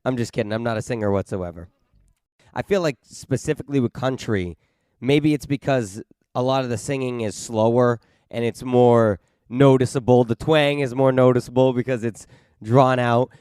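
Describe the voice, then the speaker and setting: A man with a smooth, resonant voice hosts a relaxed podcast chat, asking questions in an easygoing way and joking now and then. The sound is close and dry, with no room around him. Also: medium pitch, moderate pace, no room sound. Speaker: podcast host. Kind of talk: casual interview chat.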